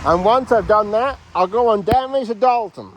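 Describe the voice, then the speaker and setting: A man's voice: sits high, normal speed. A man voicing a cheery, rambling male Australian bush cook in a put-on Australian accent.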